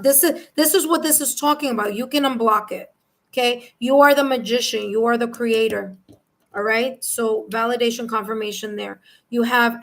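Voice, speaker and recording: A woman with a New York accent giving a live tarot reading, animated and repeating phrases as she reads cards and chat messages aloud. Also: on the high side, poor audio. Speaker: tarot reader.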